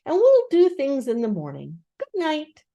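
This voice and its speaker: A woman voicing a gentle, simple-minded male bear in a storybook reading. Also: sits high, wildly swooping pitch, a little slow, lo-fi sound, voice pushed up, full character voice.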